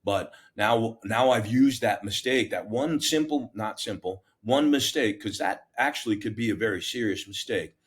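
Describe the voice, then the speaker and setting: Middle-aged man, lowish voice, fire captain telling stories, blunt and self-mocking, restarts a lot. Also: moderate pace, few pauses. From United States. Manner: animated, self-mocking, plain-spoken with many restarts. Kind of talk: casual interview storytelling.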